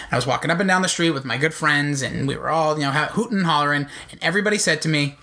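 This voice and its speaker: A man in his thirties co-hosting a podcast, rambling through self-mocking stories with quick asides. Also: fairly high pitch, bright, forceful tone. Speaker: podcast co-host. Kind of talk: casual podcast chat.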